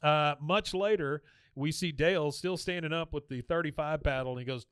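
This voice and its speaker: A man co-hosting a casual podcast, walking through a cartoon episode scene by scene. His voice is smooth and clear, recorded close and dry. He acts out the characters' lines in quick voices and laughs along. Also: a little high, a bit bright, dry recording. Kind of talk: casual chat, retelling scenes.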